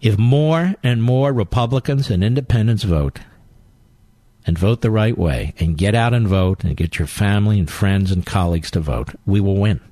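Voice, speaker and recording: A man's voice: fairly low pitch, normal speed, warm tone, no room sound. A man hosting a political talk radio show, delivering a combative monologue full of emphatic rhetorical questions. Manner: emphatic, rallying.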